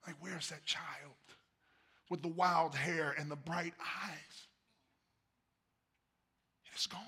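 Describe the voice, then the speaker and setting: A pastor, preaching a sermon, swinging from soft murmurs to loud emphatic bursts. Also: male voice, a little high, breathy edge. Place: church sanctuary.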